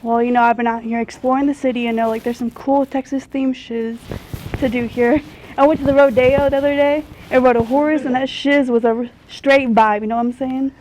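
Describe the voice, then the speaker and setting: A woman's voice: sits high, fairly even intonation, fairly quick, darkish tone, a little hiss or hum, close to an everyday voice, rough recording. A woman playing a spacey slacker pop star. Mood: laid-back. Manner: laid-back slangy drawl, rambling. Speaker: celebrity guest parody. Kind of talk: comedy sketch acting.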